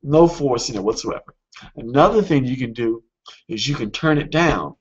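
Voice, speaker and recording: A man coaching on a webinar in a casual, earnest way, often pausing with fillers and restarting his sentences. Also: mid-range voice, animated, breathy edge, dull audio.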